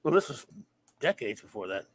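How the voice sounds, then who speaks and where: A man hosting a casual live-streamed show, reading out listener reviews and greetings, often stumbling and correcting himself with quick laughs. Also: medium pitch, very animated, breathy edge, dry recording.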